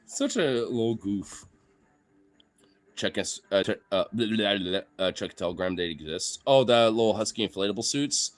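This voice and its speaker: A man's voice: on the low side, animated, a little slow, long pauses. A man live-streaming casually, laughing, swearing and cheering on his dogs as they play. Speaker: livestreamer.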